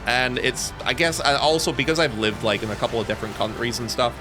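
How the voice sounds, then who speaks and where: A young man from Northern Ireland with a softened Northern Irish accent, chatting and joking casually with his stream viewers. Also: mid-range voice, steady tone, quick pace, over music.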